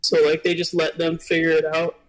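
Young man, high voice, casual chat, hesitant, many fillers. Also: completely flat delivery, fairly quick, rough recording.

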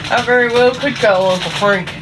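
A woman's voice: fairly high pitch, a little fast, heavy background noise. A woman with a Southern US accent chatting casually in a home kitchen, telling an easygoing story and calling her partner honey. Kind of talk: casual chat.

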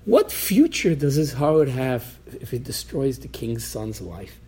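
A man teaching an informal Torah class at a mid-range pitch. He talks animatedly, breaks into the voices of people in the story, and often stumbles and restarts his sentences. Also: very animated, unhurried, dark tone, husky.

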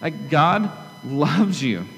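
A pastor preaching a sermon to his church in an earnest, conversational way, often turning to the congregation with quick asides. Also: on the high side, lively intonation, vocal fry, a bit bright. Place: church sanctuary. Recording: long hall reverb with faint hum.

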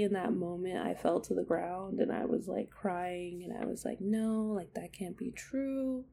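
A woman's voice: fairly low pitch, gravelly, warm tone. A young woman telling a personal story on a podcast, candid and emotional, with many fillers and hesitations. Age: young adult.

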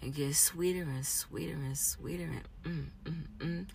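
A woman in a raw, emotional personal monologue, moving between quiet reflection and angry outbursts. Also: sits low, steady tone, moderate pace, vocal fry, husky.

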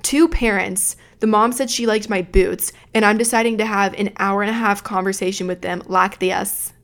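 A woman's voice: medium pitch, steady tone, normal speed, few pauses. A young adult woman hosting a podcast, telling a story in a rambling, profane, self-mocking way from a room at home. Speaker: podcast host. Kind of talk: casual storytelling.

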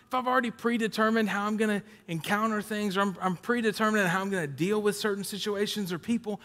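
Guy preaching a sermon, bit higher voice, chatty storytelling then punchy, big echoey hall. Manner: conversational preaching, swings from loud emphatic to low storytelling. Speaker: pastor. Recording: long hall reverb.

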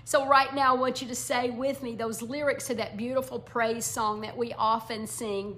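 A woman teaching a devotional Bible lesson, speaking earnestly and often dropping to a soft near-whisper. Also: high voice, steady tone, slight background noise. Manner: speaks song lyrics in a slow cadence.

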